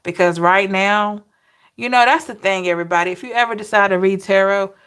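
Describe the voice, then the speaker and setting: A woman's voice: medium pitch, fairly quick, fairly bright tone, clear, resonant tone. A woman tarot reader chatting casually with viewers on a livestream, often laughing and reading out names from the chat.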